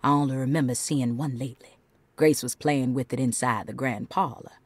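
Frightened diary writer, whispered role-play. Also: female voice, a bass voice, fairly even intonation, fairly quick, dry recording. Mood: anxious. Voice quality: breathy whisper.

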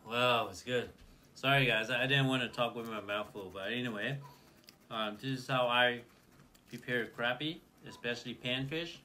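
A man hosting a casual food vlog, talking in a relaxed, chatty way with lots of fillers while he eats. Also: mid-range voice, a little hiss or hum. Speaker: channel host.

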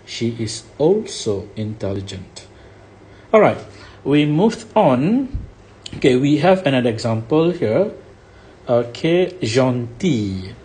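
A patient male teacher walks through French words at an unhurried pace, his voice dark and mellow. His pitch moves a lot as he stresses each word, and a faint hiss of room noise sits under the recording. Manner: slow, repeats each word, checks with "okay?". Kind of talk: recorded language lesson.

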